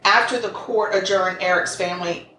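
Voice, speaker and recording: On this true crime podcast, a woman with a steady, sharp, mid-range voice talks at normal speed. Chatting casually with her co-host, she reads out quotes and tosses in sarcastic remarks, the sound echoey, distant-miked and faintly noisy.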